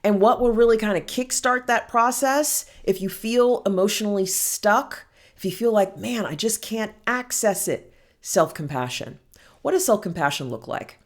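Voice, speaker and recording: A woman giving a heartfelt self-help talk as a healing coach, speaking gently and soothingly and calling the listener honey. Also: medium pitch, expressive, moderate pace. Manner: affectionate, calls listener honey and girl.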